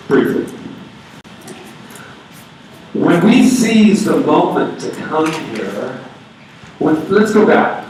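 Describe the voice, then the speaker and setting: A man delivers an animated sermon, chatty and playful, with a fairly high voice. His voice is picked up from far off in a hall with heavy echo, and faint room ambience lies underneath. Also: a little hiss or hum. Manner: animated, conversational preaching with playful asides. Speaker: minister. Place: church sanctuary. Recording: very echoey hall, voice from afar.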